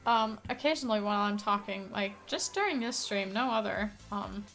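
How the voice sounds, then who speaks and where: A woman's voice: mid-range voice, animated, normal speed, fairly bright tone. A woman who is not a native English speaker, chatting casually and rambling as a streamer while playing a puzzle game, with lots of fillers, casual swearing and laughter.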